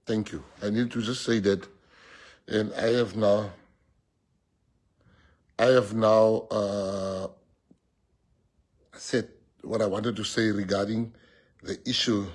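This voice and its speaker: A man's voice: lowish voice, flat delivery, slow pace, long pauses. A man with a South African accent giving a rousing, joking political speech and switching languages.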